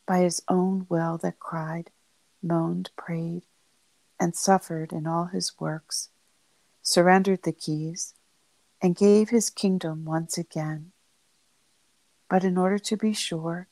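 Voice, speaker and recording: A woman reads a devotional text in a slow, unhurried cadence, pausing after each short phrase. Her voice sits a little low and carries a gravelly fry, recorded close and dry. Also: darkish tone, dry recording, low-quality recording. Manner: measured, solemn phrasing in short pauses. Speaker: reader of devotional texts.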